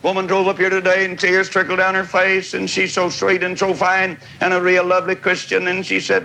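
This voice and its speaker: A man's voice: sits high, monotone, fairly quick, creaky, hardly any pauses, sharp tone, a little hiss or hum, poor audio. A man preaching a revival tent sermon in a fiery, folksy, scolding way. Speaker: evangelist preacher. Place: large revival tent with crowd.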